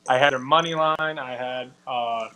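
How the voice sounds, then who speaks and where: Bright-voiced man talking blunt sports takes. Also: medium pitch, normal speed, rough recording. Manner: blunt, opinionated trash talk. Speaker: podcast co-host. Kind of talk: casual sports podcast chat.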